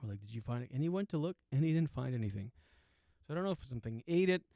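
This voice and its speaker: A man in his forties telling a long story on his podcast, cursing freely and breaking into laughter along the way. His voice sits a little higher than most men's. The sound is dry and close, with no room echo. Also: expressive, racing, warm tone. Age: 40s. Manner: profane, laughs through his own story. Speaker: podcast host. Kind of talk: casual storytelling monologue.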